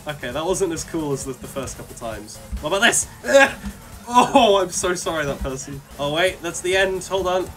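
Excitable man yelling through a race. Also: on the high side, moderate pace. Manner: excitable, yelling and laughing at wins and crashes. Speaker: gaming video creator. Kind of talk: playing a racing game with live commentary. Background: faint game music.

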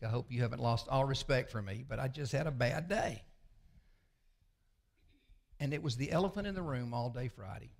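A man, a pastor preaching a sermon with folksy, confessional storytelling that often sinks to a low murmur. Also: gravelly, a little mellow. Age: 60s.

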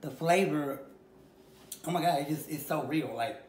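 A man's voice: fairly high pitch, normal speed, reverberant, slight background noise, low-quality recording. A man gushing over a dish in a short food clip. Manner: gushing, breathy with awe.

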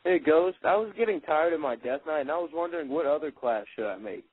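A man calling in to a radio show, asking his question in a casual, flat way. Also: fairly high pitch, fast, breathy edge. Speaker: caller. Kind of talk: phoned-in question. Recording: tinny phone line.

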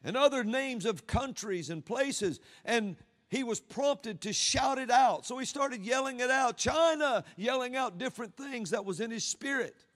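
A man preaching a sermon, swinging from loud cries down to low murmurs. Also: normal speed.

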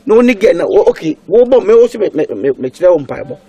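A preachy family elder, husky, lively pitch, in a film drama. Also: male voice, fast, heavily acted. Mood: lecturing.

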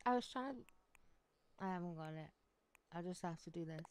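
A woman chatting casually on a game live stream, excitable and giggly, with lots of likes and ums. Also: lowish voice, normal speed, no room sound. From United Kingdom.

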